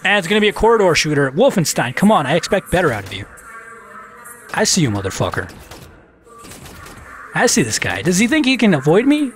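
A man riffing through gameplay commentary, his fairly high voice swinging up and down as he jokes and mocks himself. He taunts enemies on screen in a loose, chatty way, with faint game music under him. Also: very animated, fairly quick, long pauses, fairly bright tone. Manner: joking, self-mocking, talks to enemies on screen. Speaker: let's play commentator.

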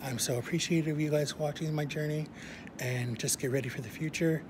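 A man's voice: fairly high pitch, fairly even intonation, brisk. Chatty male vlogger, noisy recording. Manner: chatty, addresses viewers directly. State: out of breath. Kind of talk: casual vlog to camera. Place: outside a hospital in early morning.

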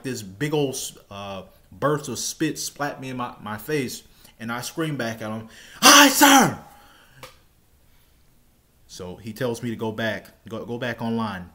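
A man telling a personal story in a casual, rambling way, often repeating and restarting his words. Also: mid-range voice. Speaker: storytelling vlogger.

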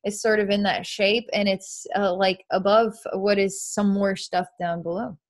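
A woman's voice: medium pitch, fairly even intonation, unhurried. A woman psychic narrating a live energy-healing session in an earnest, meandering way, describing what she sees as it happens.

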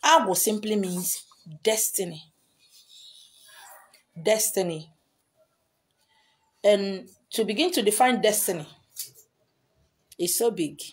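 A woman's voice: mid-range voice, slow, long pauses. Emphatic Nigerian woman teaching. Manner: emphatic, repetitive, switching into Pidgin and Igbo. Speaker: spiritual teacher. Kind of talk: social media talk.

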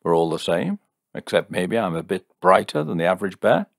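A man's voice: low-pitched, fairly quick, gravelly, dry recording, clean studio sound, full character voice. A man reading a story, voicing a smug, scornful young skeptic. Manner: steady, scornful, teasing.

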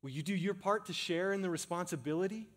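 A man preaching a sermon as pastor, building to emphatic repeated calls and easing into a hushed, slower prayer. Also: high-pitched. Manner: slows and softens into a hushed prayer.

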